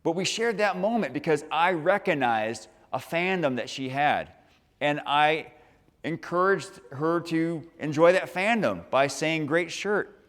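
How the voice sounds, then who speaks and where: A man giving a lively, upbeat motivational talk to a high school audience and asking the crowd questions. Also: measured pace. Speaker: motivational speaker. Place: large school hall. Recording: long reverb from a large hall.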